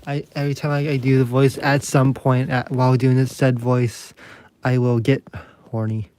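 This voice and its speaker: A man's voice: medium pitch, flat delivery, normal speed, darkish tone, a little hiss or hum. A man chatting casually on a livestream, rambling and swearing freely while talking to his viewers. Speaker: streamer.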